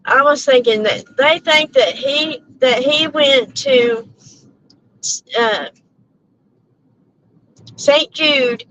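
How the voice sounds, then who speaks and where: Slow-talking woman streaming from her car. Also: high voice, a bit bright, muffled recording, slight background noise. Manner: chatty, rambling, self-interrupting with laughs. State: out of breath. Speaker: channel host. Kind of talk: casual live-stream chat with viewers. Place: in a car while driving. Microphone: headphones with mic.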